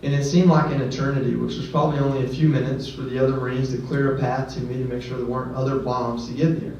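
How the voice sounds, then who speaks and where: At a ceremony venue, a male guest speaker tells a personal story in an earnest, conversational way, adding self-deprecating asides. His medium-pitched voice is flat, quick and a little mellow. The recording has an echoey hall, a distant mic, dull sound and faint background noise.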